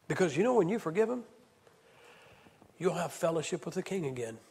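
A man preaching an evangelist's sermon at a camp meeting, swinging from loud to hushed. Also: on the high side, expressive, a little fast, pauses often, slightly rough. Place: church hall. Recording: reverberant hall sound.

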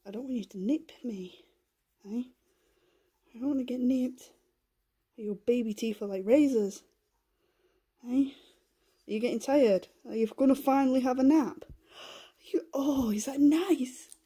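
A woman filming a casual home vlog in her living room, talking softly and in coaxing baby talk to a puppy, often half-whispering, on a handheld camera. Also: on the high side, measured pace, long pauses, husky. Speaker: vlogger.

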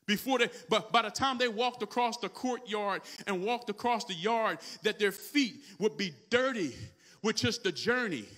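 High, bright-voiced preaching man. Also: expressive, normal speed. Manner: preaching that builds to shouts, calls to the congregation. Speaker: pastor. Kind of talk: sermon. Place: church sanctuary.

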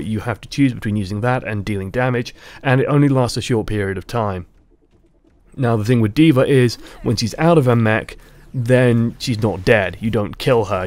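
A man giving measured, explanatory commentary on a video game in a vlog. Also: mid-range voice, darkish tone. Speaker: gaming YouTuber.

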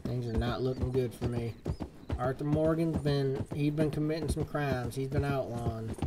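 A man's voice: medium pitch, normal speed, background noise. A young man casually commenting on a game he is playing live, joking in a put-on folksy cowboy drawl. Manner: jokey, fake folksy cowboy talk. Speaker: gaming streamer. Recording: game music playing underneath.

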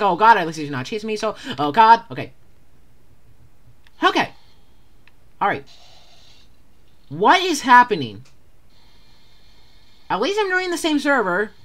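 Jumpy gameplay commentator: lively, swooping delivery, bright tone, stammers and repeats words when scared. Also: medium pitch. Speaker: gamer playing a horror game.

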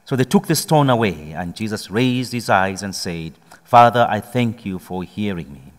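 A man's voice: on the low side, animated, in a large hall. A man reading the Gospel solemnly and then preaching a homily, his voice rising as he presses his points. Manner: slow solemn reading, building to emphatic preaching. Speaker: priest.

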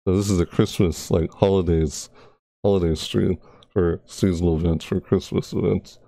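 A man's voice: deep voice, steady tone, normal speed, gravelly, warm tone, no room sound. A young man chatting on a live stream into a close microphone, talkative and rambling, repeating himself as he goes. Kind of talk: casual rambling stream chat. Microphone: close desk microphone.

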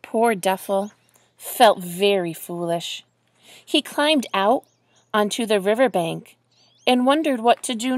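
A woman reading a picture book aloud to children, gently asking them questions along the way. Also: a little high, creaky, dry recording.

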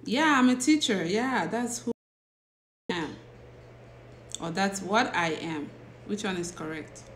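A medium-pitched woman speaks in a reverberant room, with a little hiss or hum on the phone or laptop livestream. A teacher acting as host, she chats slowly and laughs a lot while reading out viewers' names and greeting them.

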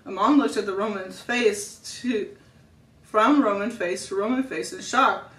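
A family storyteller reads a story aloud at a steady pace and now and then stumbles and corrects a word. The voice sounds roomy. It comes from a mic set some distance away. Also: mid-range voice, a little slow. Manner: reads steadily with small slips and self-corrections.

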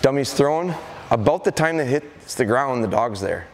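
A middle-aged man gives a live training seminar, his voice at an ordinary middle pitch. He tells anecdotes and slips into the voices of dogs and owners. His voice rings with the long reverb of a large event hall. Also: expressive, a little fast, slight background noise. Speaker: dog trainer leading a seminar. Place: event hall at a deer festival.

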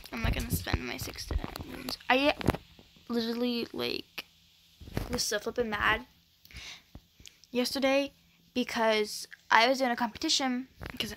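A woman's voice: a little high, vocal fry, noisy background. A woman chatting casually over a video game, rambling with lots of fillers. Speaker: gaming vlogger. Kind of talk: casual chat over gameplay.

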